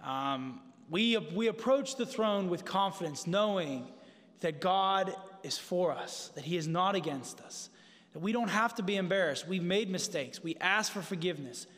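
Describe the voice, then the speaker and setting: A man's voice: sits high, lively intonation, normal speed, a bit bright. A man preaching a sermon in a conversational, emphatic way, turning to the congregation with asides. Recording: long hall reverb.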